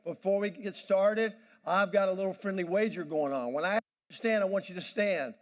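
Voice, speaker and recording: High-voiced man firing up a crowd. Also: normal speed. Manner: commanding, pumping up the audience. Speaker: motivational speaker. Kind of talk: energetic crowd-directed speech. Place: banquet hall.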